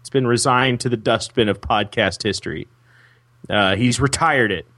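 A man's voice: medium pitch, normal speed, fairly bright tone. A man co-hosting a comedy podcast in casual chat, joking and laughing as he teases. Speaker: podcast co-host.

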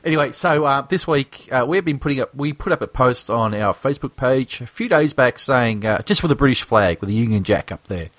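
A man's voice: medium pitch, expressive, a little fast, hardly any pauses, fairly bright tone, no room sound. An Australian man co-hosting a podcast, chatting casually and rambling with lots of fillers and jokes. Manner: rambling, filler-heavy, joking. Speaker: podcast co-host. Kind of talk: casual chat.

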